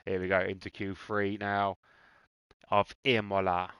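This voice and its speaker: A man's voice: deep voice, level tone, a little slow, fairly bright tone, smooth, no echo. A man in a put-on Irish accent, giving casual, sweary, teasing commentary on a sim racing league. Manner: banter-heavy, sweary, teasing drivers.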